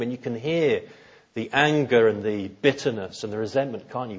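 A man's voice: mid-range voice, moderate pace, slightly rough, dull audio. A male preacher delivering a sermon in an earnest, emphatic way, asking rhetorical questions.

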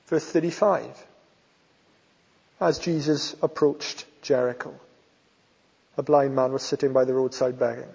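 Welsh preacher in an echoing church. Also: male voice, mid-range voice, fairly even intonation, a little slow, vocal fry, long pauses, breathy edge. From South Wales. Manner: emphatic, rising to loud stresses on key phrases. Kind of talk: sermon. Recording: long hall reverb, dull sound.

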